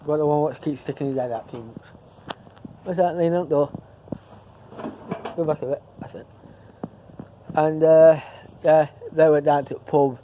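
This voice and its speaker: A man's voice: a little high, fairly even intonation, a little slow, long pauses, lo-fi sound, slight background noise. A man chatting casually to camera in a vlog, rambling and repeating himself as he loses his thread. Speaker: vlogger.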